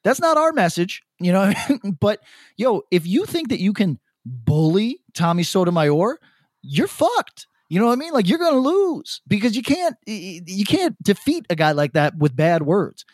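Man, podcast co-host, animated, profane, casual chat, slightly high, dry sound. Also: normal speed, no room sound. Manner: animated, profane, laughs often.

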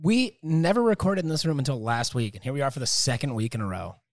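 A man's voice: medium pitch, expressive, fast talker, no room sound, clean studio sound. A man co-hosting a casual podcast with a laid-back, wry manner. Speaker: podcast co-host.

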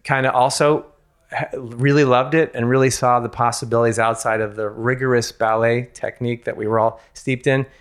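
A man's voice: mid-range voice, level tone, brisk, clean tone. A man, a former ballet dancer, telling a candid personal story in an interview, frank and self-mocking, with casual swearing and many restarts.

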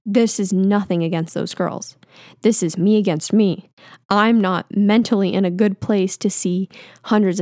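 A woman in her twenties, a vlogger, gives a casual confessional monologue into a mic, candid and self-deprecating, rambling with fillers. Her voice is medium-pitched and darkish, recorded at studio quality with no echo.

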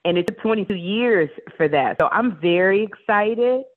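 A woman's voice: medium pitch, moderate pace. Woman guest on a tinny phone line. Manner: animated storyteller, playful. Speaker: talk show host as guest. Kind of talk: casual interview chat.

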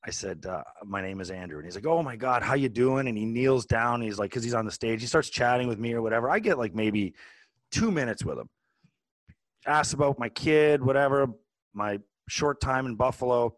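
A man in his forties, a podcast co-host, telling a long casual story with lots of restarts and animated asides. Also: medium pitch, a little fast, no echo. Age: 40s. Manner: animated, rambling with many restarts.

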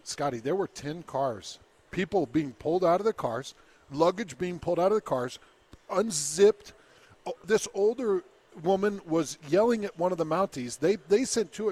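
Animated storytelling man, slightly high voice. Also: normal speed. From Utah. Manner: animated, laughs often, acts out the people in his story. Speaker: podcast host telling a story. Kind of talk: casual storytelling chat.

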